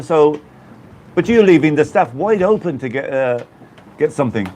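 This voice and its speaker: Man, live-stream host from the Black Country, casual and rambling, voice on the higher side. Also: expressive, normal speed, pauses often, a little mellow, a little hiss or hum. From Black Country, England. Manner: rambling, chatty, greets viewers by name.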